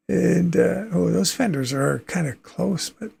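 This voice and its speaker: A man's voice: sits high, gravelly, darkish tone, slightly rough. A man from Canada hosting a livestream, chatting casually and thinking aloud as he plays a trucking game, with easy chuckles. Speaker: livestream host.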